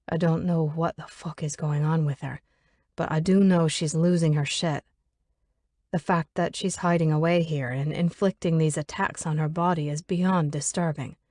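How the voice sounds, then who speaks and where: Audiobook narrator, woman, low register, steady measured read, dry studio sound. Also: dry recording.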